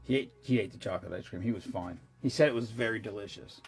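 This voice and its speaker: A man's voice: fairly low pitch, fast talker, soft background music. A tired man chatting casually to his viewers, rambling with many restarts and asides and the odd swear word. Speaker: vlogger. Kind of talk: casual chat.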